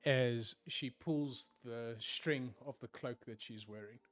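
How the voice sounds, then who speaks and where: A man narrating a tabletop game as game master, often sinking to hushed tones for dramatic moments. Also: medium pitch, slow, no echo, faint music behind.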